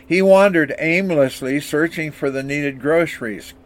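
A man's voice: a little high, a little slow. An older man preaching a sermon, reading scripture and telling anecdotes in an earnest, storytelling way. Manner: earnest, storytelling delivery with small restarts. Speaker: pastor.

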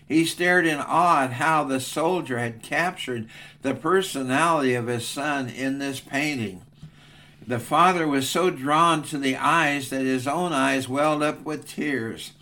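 Guy preaching a sermon, tells a story slow and earnest, middle pitch. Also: pushed and bright. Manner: measured, earnest narration.

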